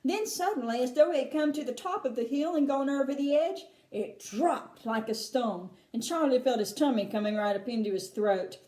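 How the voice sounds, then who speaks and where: A woman teacher reading a children's book aloud in an expressive way, with chatty asides to her listeners. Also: high voice, moderate pace, few pauses. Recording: roomy echo.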